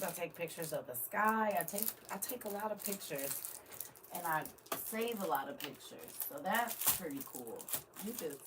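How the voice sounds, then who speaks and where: A woman's voice: medium pitch, slight background noise. A woman, chatting casually on a live stream and holding back tears, talking straight to her viewers. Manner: emotional, talks straight to viewers. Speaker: live streamer opening gifts.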